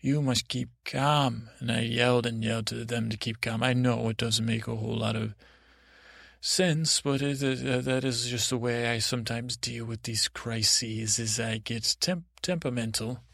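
A male host telling a meandering bedtime story, often halting and correcting himself. His voice is gravelly and mid-pitched, recorded close and dry. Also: fairly even intonation, fairly bright tone, no room sound.

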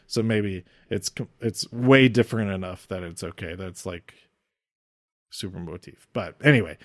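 A man's voice: deep voice, a little slow, no room sound, studio quality. A man giving a casual, enthusiastic and rambling recap of a wrestling show as its reviewer. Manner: enthusiastic, rambling fan talk.

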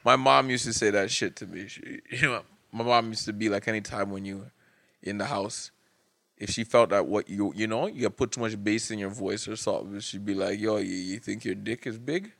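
A man in his thirties hosting a casual podcast chat, laughing often and shouting out listeners. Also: lowish voice, steady tone, fairly quick, vocal fry, no room sound. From Canada. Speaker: podcast host.

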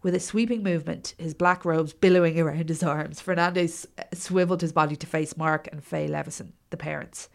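A woman co-hosting a casual podcast who tells a story through dramatic read-aloud passages and offhand asides. Her voice sits low, with a gravelly fry. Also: fairly even intonation, fairly quick, hardly any pauses. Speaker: podcast co-host. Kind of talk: casual chat and reading aloud.

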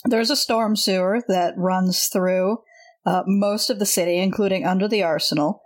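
A woman narrating as game master, explaining things in a measured way and laughing often. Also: medium pitch, fairly even intonation.

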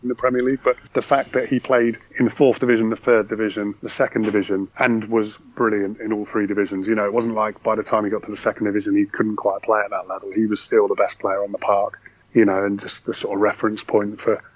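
A man's voice: on the low side, little pitch movement, fast. Man chatting football on a dull line. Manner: enthusiastic, rambling with restarts. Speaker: podcast guest. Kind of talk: casual football chat.

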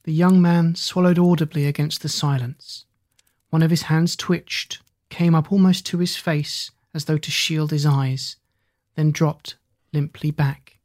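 A man reading a hard-boiled crime story aloud in a measured storytelling voice. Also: fairly high pitch, steady tone, a little mellow. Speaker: narrator. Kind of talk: audiobook narration.

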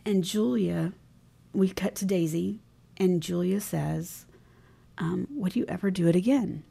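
A woman co-hosting a podcast, casually recounting a TV episode scene by scene and quoting the characters' lines softly. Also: lowish voice, a little slow, vocal fry, breathy edge. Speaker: podcast co-host. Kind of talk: casual recap chat.

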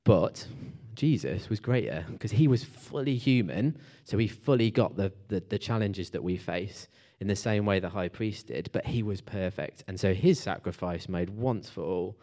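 A man's voice: sits low, dark tone. A man preaching a casual, conversational sermon to a church group, with fillers and restarts.

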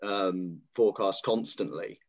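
British podcast host, fed up and opinionated, slightly muffled audio. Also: male voice, sits low, measured pace. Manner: opinionated, exasperated. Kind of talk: casual panel discussion.

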